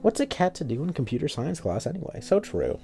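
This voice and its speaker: Lively joking young man streaming. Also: on the high side, fast, gravelly, soft background music. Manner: joking, swears casually, banters with chat. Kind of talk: casual live-stream chat while playing a story game.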